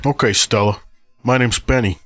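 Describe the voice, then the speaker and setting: A man's voice: mid-range voice, fairly even intonation, moderate pace, fairly bright tone, dry recording, close to an everyday voice. A man voicing a friendly bouncer in a radio drama. He speaks in an easygoing way. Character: friendly burly male bouncer.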